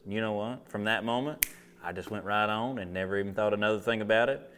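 A man's voice: lowish voice, fast, fairly bright tone, a little hiss or hum. A man preaching a casual sermon to a live audience. He tells stories, asks rhetorical questions and acts out his own inner dialogue. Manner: conversational storytelling with rhetorical questions.

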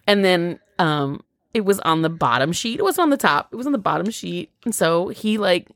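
A woman's voice: fairly low pitch, normal speed, dry recording, clean studio sound. A woman in her thirties co-hosting a podcast, telling a long story in casual chat with lots of fillers and acted-out quotes. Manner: rambling, animated storytelling with fillers and quoted voices. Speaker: podcast co-host.

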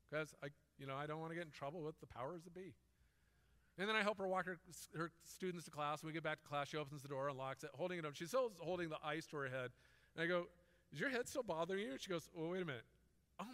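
A man's voice: a little high, sharp tone, in a large hall. A man preaching a sermon in a conversational, storytelling way. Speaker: pastor.

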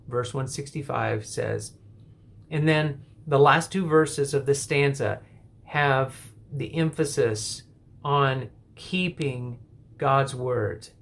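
A man hosting a devotional podcast, teaching through a psalm and leading a prayer in a measured, reverent way. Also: medium pitch, gravelly.

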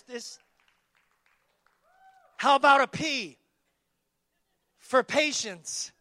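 A man with a very high, bright voice delivers a sermon. He preaches emphatically, repeating phrases and calling out to the congregation, recorded dry and close. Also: dry recording. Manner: emphatic, repetitive call-and-response preaching.

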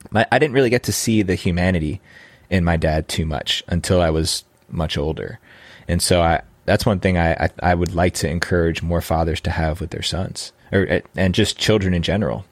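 A man's voice: low-pitched, brisk, no room sound. A man in his thirties, a podcast host, earnestly telling a personal story about fatherhood with frequent restarts.

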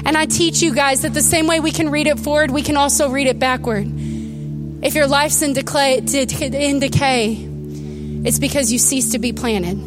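High-voiced woman pastor preaching over music. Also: normal speed. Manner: emotional, tearful at moments, animated storytelling. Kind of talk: sermon.

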